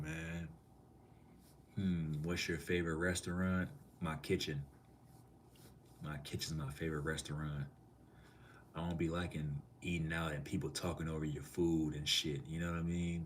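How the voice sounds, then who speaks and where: A man's voice: rumbling low, pushed and bright, slight background noise. A man from Minneapolis streaming live in a loose, slangy way, reading out and answering chat comments.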